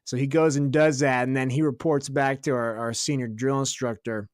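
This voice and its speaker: Young guy, podcast co-host, swears a lot, laughs mid-story, mid pitch, dry close sound. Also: fairly even intonation, dry recording. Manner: profane, laughing storyteller doing quick voices of others. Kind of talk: casual storytelling chat.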